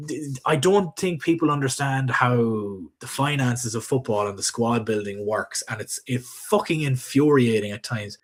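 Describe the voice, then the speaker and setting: A man's voice: mid-range voice, moderate pace, hardly any pauses. A man hosting a casual football podcast, blunt and sarcastic in his asides. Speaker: podcast host. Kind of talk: casual chat.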